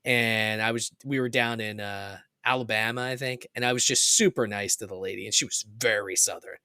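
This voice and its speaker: A man's voice: fairly low pitch, fairly quick, clean tone, no room sound, studio quality. A man co-hosting a podcast, telling rambling stories in casual chat and voicing the people he quotes with animation. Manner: rambling storyteller, animated when quoting people. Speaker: podcast co-host.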